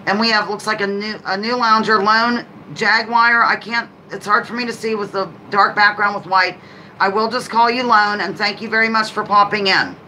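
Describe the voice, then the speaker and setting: A woman hosts a casual live trivia game with a bright, clear voice at an ordinary middle pitch. She chats loosely between questions and welcomes viewers by name. When she reads a question, she draws it out slowly. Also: fairly even intonation, slight background noise, low-quality recording. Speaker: livestream host.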